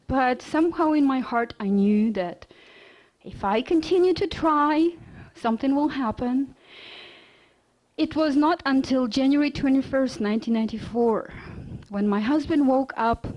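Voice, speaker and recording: Woman, high voice, middle-aged, lively lecture storytelling. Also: rough recording. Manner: lively storyteller with non-native grammar. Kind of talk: personal story told in a lecture.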